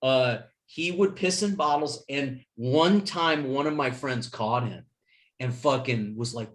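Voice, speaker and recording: A man's voice: medium pitch, unhurried, a bit bright. A man hosting a podcast, telling stories in casual chat, swearing freely and acting out his friends' lines. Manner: profane storyteller, acts out friends' voices. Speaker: podcast host.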